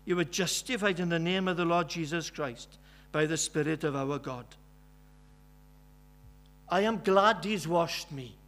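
A man's voice: fairly high pitch, unhurried, long pauses, fairly bright tone. A man with a Welsh accent, from West Wales, preaching a sermon in an earnest, emphatic way, repeating key phrases. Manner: earnest, emphatic with many repetitions.

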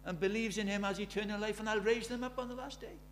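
A middle-aged man preaching a sermon. He drops to near-whispers and then rises to loud, urgent questions. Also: high voice, steady tone, fast, slight background noise. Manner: swings from hushed intimacy to loud urgent questions.

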